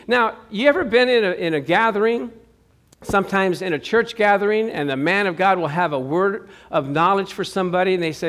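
Animated high-voiced pastor preaching. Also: male voice, moderate pace. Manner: animated, jokey, acts out quoted voices. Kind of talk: sermon. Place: church.

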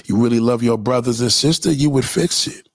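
A man's voice: mid-range voice, fairly quick, dry recording, studio quality. A man delivering a profane, preachy rant straight at his audience. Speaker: commentator. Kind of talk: impassioned monologue rant.

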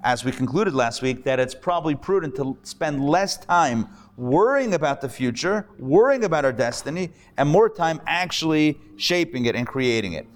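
Jokey rabbi teaching a live class. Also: male voice, on the high side, normal speed, hardly any pauses. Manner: lively, jokey storyteller, chats with the audience. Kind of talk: live class lecture with jokes. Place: classroom before a live audience.

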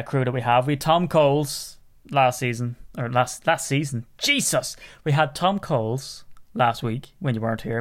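A man hosting a sports podcast, chatty and teasing, bantering with his co-host and a guest. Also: on the high side. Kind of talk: casual sports podcast chat.

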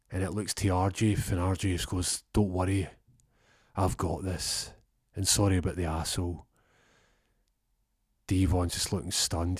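A young man telling a comic story with lively energy, acting out the voices and sound effects. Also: low-pitched, no echo, clean studio sound.

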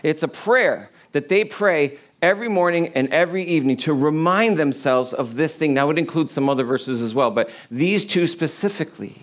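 A man's voice: a little high, animated, moderate pace, few pauses. A man preaching an informal sermon to a congregation in a room, earnest and conversational, often restarting his phrases. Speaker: pastor.

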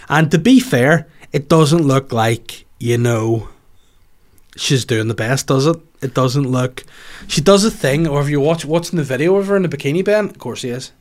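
A man hosting a podcast in casual chat, rambling and animated, swearing freely and going off on tangents. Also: fairly high pitch, normal speed. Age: adult, has children. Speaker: podcast host.

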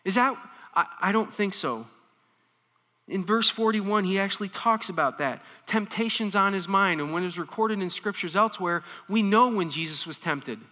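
A man preaching a sermon, animated, swinging between quiet explanation and intense emphasis. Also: high-pitched, normal speed. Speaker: pastor. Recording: reverberant hall.

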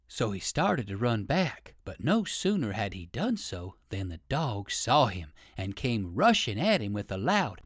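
A man reading an old children's storybook aloud, with lively sing-song storytelling. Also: fairly low pitch, measured pace, hardly any pauses, breathy edge, dry recording, clean studio sound. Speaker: audiobook reader.

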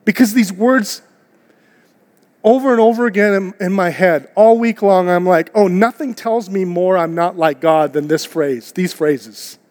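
A high-pitched man delivers an earnest, conversational sermon to his church, asking his listeners one rhetorical question after another. His voice rings out with a long reverb, as in a large church hall. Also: a little slow, darkish tone. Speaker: pastor. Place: church auditorium.

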